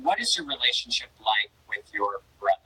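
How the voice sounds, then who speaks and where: A woman's voice: extremely low pitch, expressive, brisk, sharp tone, breathy edge, poor audio. A woman hosting a casual interview, emotional and jokey, with theatrical outbursts. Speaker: podcast host.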